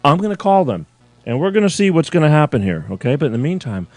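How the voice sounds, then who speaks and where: A man's voice: a little high, big pitch swings, fast, darkish tone, dry recording. A man hosting a live call-in show, complaining in an exasperated, rambling, profane way to his viewers. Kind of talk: live-streamed rant to viewers. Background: faint chill music.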